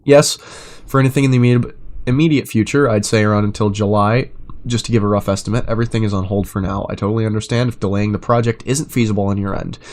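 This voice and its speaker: A man reading chat messages aloud in an even, measured way, breaking into loud, sarcastic rants full of swearing. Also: lowish voice. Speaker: commentator reading chat logs.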